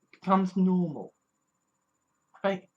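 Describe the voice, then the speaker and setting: A vlogger in a candid personal monologue, blunt and profane, sighing and trailing off, then flaring into mocking loud bits. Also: medium pitch, slow, dull audio. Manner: blunt and profane, with frequent sighs and trailing restarts; swings between weary mutters and mocking shouted quotes.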